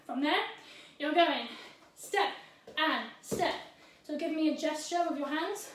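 A woman's voice: high voice, a little slow, fairly bright tone. A woman teaching a dance routine, scatting the rhythm in syllables and checking in with "yeah?" and a little out of breath. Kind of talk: dance tutorial with counting and rhythm vocalizing. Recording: echoey room, voice from a distance.

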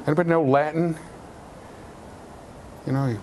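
A man giving a university lecture in an animated, jokey way, with sudden loud outbursts. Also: mid-range voice, normal speed, slight background noise. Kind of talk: classroom lecture. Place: lecture hall.

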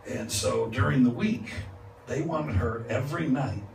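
A man preaching a revival sermon as a guest speaker, moving from calm teaching to loud, laughing exclamations. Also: medium pitch, a little slow, creaky. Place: church sanctuary. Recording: echoey church, distant mic, noisy. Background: congregation responding.

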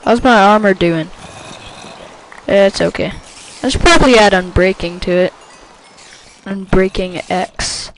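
A woman giving casual commentary while playing a video game, excitable and quick to shout at things on screen. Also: mid-range voice, slight background noise. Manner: excitable, bursts into yelling at the game. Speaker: gameplay commentator.

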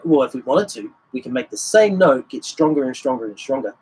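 This guitar teacher talks fairly quickly and animatedly in a medium-pitched, darkish, husky voice. He's running a casual livestream lesson, breaking down the technique and vocalizing rhythms as syllables, over guitar playing on a low-quality recording.

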